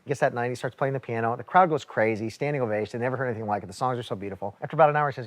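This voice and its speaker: A man telling a long joke as a comedian, acting out the joke's characters in quick bursts. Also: mid-range voice, dry recording, low-quality recording. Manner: rapid, animated, switches between joke characters.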